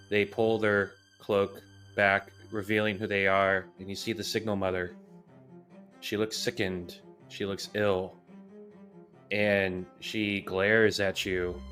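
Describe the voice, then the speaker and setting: A man narrating a tabletop role-playing game as game master, calm and descriptive, with frequent "uh". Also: fairly low pitch.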